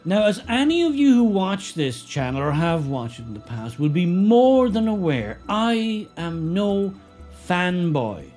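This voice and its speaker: Sardonic man, lively pitch. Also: measured pace, faint music behind. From Ireland. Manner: sarcastic, mocking, emphatic. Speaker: political commentary vlogger. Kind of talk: sardonic political commentary.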